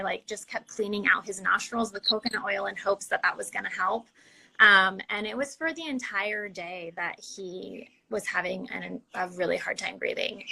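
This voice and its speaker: Chatty young woman with a gravelly, bright voice. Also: medium pitch, low-quality recording. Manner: chatty, many "like" fillers, quotes others in lively voices. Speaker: interview guest. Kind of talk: casual conversational storytelling.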